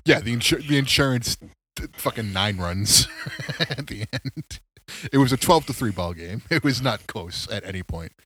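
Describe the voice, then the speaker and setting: A man's voice: medium pitch, lively intonation, normal speed, bright, forceful tone, slightly rough. A tired man co-hosting a podcast, chatting casually about baseball and swearing freely. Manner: laid-back, swears casually. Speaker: podcast co-host. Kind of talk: casual sports chat.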